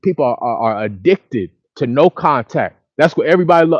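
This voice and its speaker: A man talks into his phone outdoors by the water, venting at length in a frustrated, repetitive way. His voice sits at a middle pitch. The sound is dull and lo-fi, with almost no room echo. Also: animated, a little fast, hardly any pauses. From Dallas, Texas. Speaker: vlogger. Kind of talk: casual outdoor monologue to a live chat. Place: outdoors by a lake or river.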